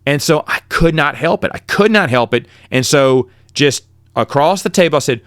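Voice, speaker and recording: In a clean studio recording with no echo, a middle-aged man tells casual stories about his college days on his podcast. His voice is a little high and his pace moderate, and he wanders animatedly, frequently stopping to fix what he just said.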